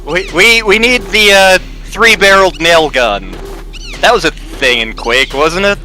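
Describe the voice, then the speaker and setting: Man from virginia, game stream co-host, animated voice, bright tone, faint music behind. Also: sits high. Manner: chatty, rambling, quick to joke. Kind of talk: casual chat while streaming a game.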